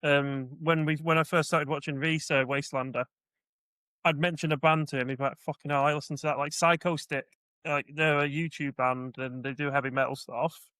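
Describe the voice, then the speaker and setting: A man's voice: a little high, steady tone, moderate pace, bright, forceful tone, clear, resonant tone, no room sound. A man, co-hosting a casual podcast in an easygoing, chatty way. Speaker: podcast co-host.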